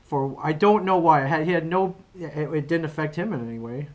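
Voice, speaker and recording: A man's voice: on the high side, expressive, brisk, a little mellow. A man co-hosting a podcast, chatting casually and telling a story with loose restarts and fillers. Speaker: podcast co-host. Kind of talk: casual chat.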